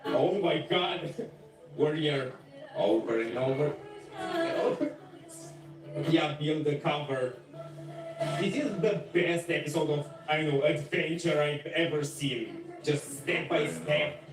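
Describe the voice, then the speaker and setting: A man streaming his live reaction to a show. His voice sits a touch high and he talks slowly, gushing and cursing. He sounds far from the mic in a very echoey room, with music clearly playing behind him. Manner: excitable, swearing, gushing, laughing often.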